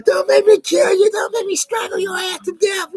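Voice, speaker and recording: A man putting on the voice of a frenzied, menacing male attacker in a screeching falsetto, crying out. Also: takes it slowly, creaky, crowd noise, full character voice. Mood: screaming, menacing.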